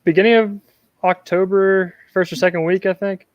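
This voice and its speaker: A professional angler on a podcast, talking in a relaxed, easygoing way. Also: male voice, high-pitched, moderate pace, dry recording, dull audio. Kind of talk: casual podcast chat.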